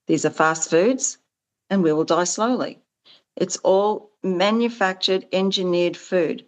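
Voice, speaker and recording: This low-leaning, slow-speaking woman is interviewed conversationally as the founder of a farming support business. She talks with earnest animation, and her pitch leaps up as she performs quoted back-and-forth.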